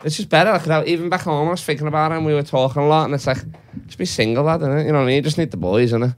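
A man's voice: fairly high pitch, very fast. A young man telling a rambling story in casual chat, with lots of swearing and laughing. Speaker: podcast co-host.

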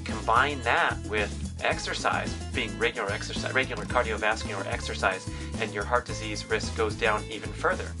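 Steady male explainer over clear music. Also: fairly low pitch, moderate pace, hardly any pauses. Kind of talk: explanatory podcast talk. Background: clear music bed.

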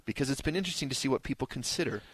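A man's voice: medium pitch, animated, rapid-fire, husky, no echo. A man hosting a radio movie show in casual chat, reading listener texts aloud in an upbeat way.

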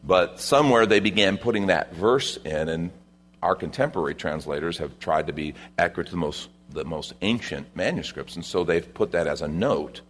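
A man with a low, husky voice delivers a sermon as pastor. He keeps it conversational, stepping aside to talk straight to the congregation between readings. His tone stays rough and lower than most men's. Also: moderate pace, a bit bright.

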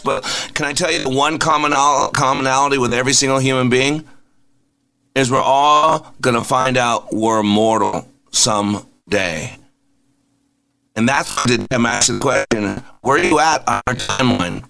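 A man's voice: medium pitch, sharp tone. A man hosting a Christian radio show, preaching with strings of rhetorical questions and emphatic repetition. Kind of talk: inspirational Christian radio talk.

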